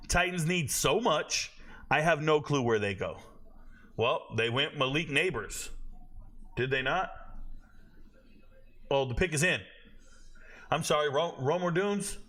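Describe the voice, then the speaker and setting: A man in his forties hosts a live stream, talking straight to his chat viewers. His voice sits a touch high and bright, pushed out with real force. He jokes loudly and spins stories in relaxed slang. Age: 40s. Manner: loud, joking, slangy storyteller.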